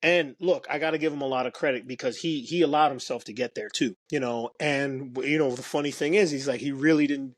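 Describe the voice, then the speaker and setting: A man's voice: medium pitch, fairly quick, few pauses, dry recording. A man, a documentary filmmaker, talking as a guest in a casual podcast chat, rambling with many restarts and fillers.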